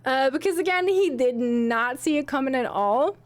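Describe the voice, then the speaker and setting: A woman's voice: high-pitched, expressive, normal speed. A young woman streamer telling a story casually to her chat, rambling and giggly with many restarts.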